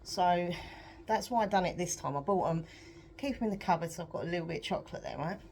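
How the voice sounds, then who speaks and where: A young adult British woman chatting in a rambling, self-deprecating way on a home vlog, her voice a bit croaky, laughing often. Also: fairly low pitch, quick pace, darkish tone, slight background noise. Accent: British English. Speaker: vlogger. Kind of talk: casual confessional vlog chat.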